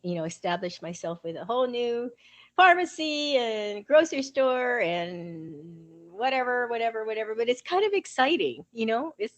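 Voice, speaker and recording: A woman in her fifties co-hosting a podcast, easygoing and quick to laugh. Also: a little high, expressive. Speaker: podcast co-host. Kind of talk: casual chat.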